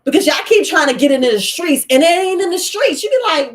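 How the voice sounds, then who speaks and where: Animated woman giving preachy advice. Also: high voice, fast, hardly any pauses. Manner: animated, preachy, acts out quotes in other voices. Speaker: herbalist host. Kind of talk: casual livestream talk.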